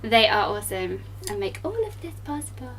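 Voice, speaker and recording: A woman co-hosting a casual online show, reading in a measured, upbeat way. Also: medium pitch, big pitch swings, fairly bright tone, a little hiss or hum. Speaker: co-host. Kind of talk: reading a script, casual chat.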